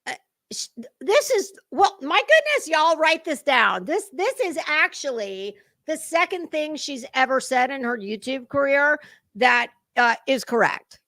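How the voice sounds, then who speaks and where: Woman streamer roasting a clip, sarcastic and swearing a lot, kinda high voice, dead dry sound. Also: sing-song, unhurried, bright, forceful tone, no echo. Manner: mocking, profane, talks to chat. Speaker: commentary livestream host. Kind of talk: sarcastic reaction commentary.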